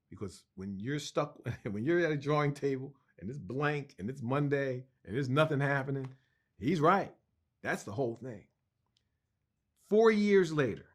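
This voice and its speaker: A middle-aged man tells a long personal anecdote as an interview guest. He talks in an animated way, restarting sentences and acting out the people in his story. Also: medium pitch. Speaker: cartoonist guest.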